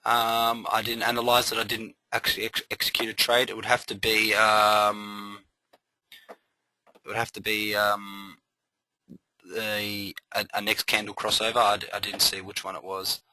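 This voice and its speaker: Hosting a live trading webinar, a man pushes his message with bright, forceful energy, repeating phrases in a motivational surge, though his lowish voice stays monotone and a little slow. The poor-quality audio is close and dry, with barely any room around it.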